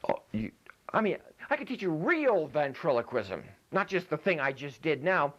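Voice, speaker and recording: A man's voice: fairly high pitch, very animated, moderate pace, a bit bright, highs cut off. A man giving a playful comic lecture, joking while he demonstrates ventriloquism with food in his mouth.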